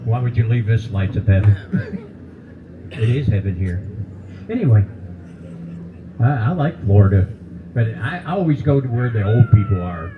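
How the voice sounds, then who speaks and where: A man in his seventies does a stand-up set on a brewery stage before a live audience. His medium-pitched voice swoops wildly at normal speed with long pauses, and he's folksy, teasing the crowd and joking about old age. The audio is narrow and tinny with background noise.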